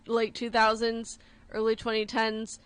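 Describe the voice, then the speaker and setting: A woman's voice: on the high side, monotone, measured pace, clear, resonant tone. A woman co-hosting a radio show in a studio, chatty and self-deprecating, giggling often. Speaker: radio co-host. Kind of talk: casual studio chat.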